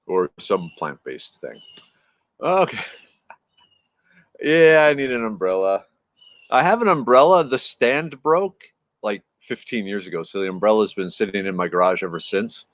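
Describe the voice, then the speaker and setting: Low-voiced fifties man, dry close sound, easygoing stream host who chats and wanders off topic. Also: lively intonation, unhurried, long pauses, a bit bright, no echo. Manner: chatty, meandering, answers chat messages as they come in. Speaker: livestream host chatting with viewers. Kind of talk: casual rambling chat.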